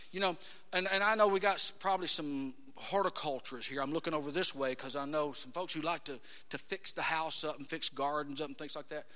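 High, bright-voiced preaching man. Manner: emphatic, rising to shouts, quotes scripture in acted voices. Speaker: pastor. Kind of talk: sermon. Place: church sanctuary. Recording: long hall reverb.

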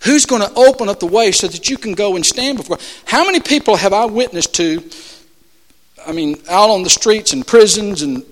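A man preaching a sermon in church, calling out questions to the congregation and swinging between shouts and soft asides. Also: high voice, lively intonation, moderate pace. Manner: call-and-response, rhetorical questions to the congregation. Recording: long church hall reverb.

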